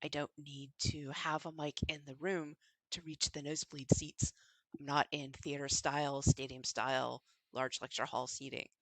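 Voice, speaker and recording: A woman literature professor co-hosting a podcast, speaking in a measured, articulate, matter-of-fact way. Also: low voice, flat delivery, a bit bright, no room sound, low-quality recording. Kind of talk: conversational podcast chat.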